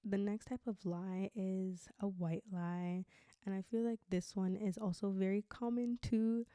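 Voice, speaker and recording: A woman's voice: mid-range voice, fairly even intonation, measured pace, warm tone, clean tone, dry recording, clean studio sound. A young woman hosting a podcast in a candid, chatty monologue, often saying "like". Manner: candid, chatty, heavy use of "like". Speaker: podcast host.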